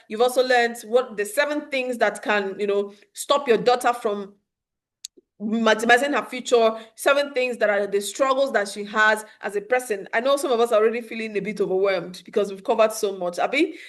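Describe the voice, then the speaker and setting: Earnest woman coaching parents. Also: fairly high pitch. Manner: earnest, coaching, laughs often; acts out calm soothing quotes. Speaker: parenting coach hosting a webinar. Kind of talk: live webinar talk.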